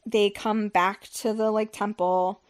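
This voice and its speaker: Her mid-range voice is smooth, flat, and slow as she casually recaps a novel on her book podcast. The young host rambles, curses, and leans heavily on fillers like "like" and "um."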